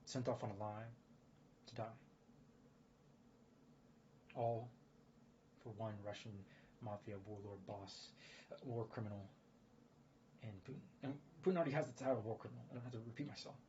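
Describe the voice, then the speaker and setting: A man's voice: lowish voice, fairly even intonation, moderate pace, pauses often, darkish tone. A man giving rambling casual commentary, full of fillers and restarts. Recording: dull lo-fi audio with faint noise.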